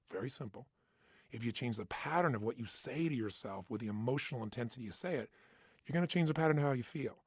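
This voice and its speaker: A man's voice: lowish voice, slightly rough, dry recording, studio quality. A man giving an intense, emphatic motivational talk, hammering points with punchy repetition. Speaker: motivational speaker. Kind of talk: motivational self-help talk.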